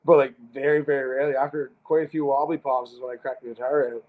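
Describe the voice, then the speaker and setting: A man's voice: mid-range voice, steady tone, quick pace. A man with a Canadian accent, a guest in a casual interview, talking in a laid-back way, swearing freely and stumbling over restarts. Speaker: guest artist. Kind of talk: casual video call interview. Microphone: video call. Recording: muffled lo-fi call audio.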